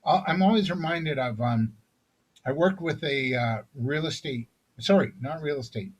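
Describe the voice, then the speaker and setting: Guy doing a sales coaching talk, kinda husky, chatty, keeps going "right?". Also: fairly high pitch, moderate pace, poor audio. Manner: conversational, frequent "right?" tag questions and restarts. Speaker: business coach. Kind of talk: recorded sales seminar talk.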